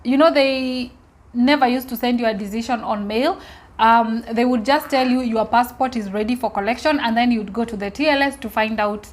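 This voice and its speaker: A woman's voice: fairly high pitch, normal speed. A young woman from Kenya telling viewers a personal story in a casual, emotional way, often repeating herself and speaking to them directly. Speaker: vlogger.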